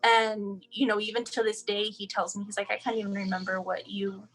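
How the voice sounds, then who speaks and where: Speaking fairly quickly, a young woman from El Paso, Texas relates her child's story during an interview, voicing the quoted lines herself and often starting over with evident emotion. Her medium-pitched voice is fairly bright but flat in delivery, and the recording quality is low.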